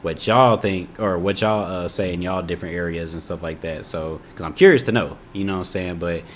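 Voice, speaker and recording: A man's voice: sits low, a little fast, slight background noise. A young man from Indiana with an Indiana accent, chatting casually to camera in a laid-back, rambling way. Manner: laid-back, rambling, often says "you know what I'm saying". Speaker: YouTuber reacting to a video. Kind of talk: casual storytelling and chat.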